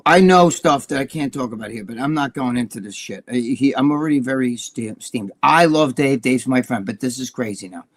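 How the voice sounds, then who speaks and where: Brief: New man in his sixties, quick and salty, co-host telling street stories. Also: mid-range voice. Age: 60s. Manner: profane, animated storytelling. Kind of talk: casual live-stream chat.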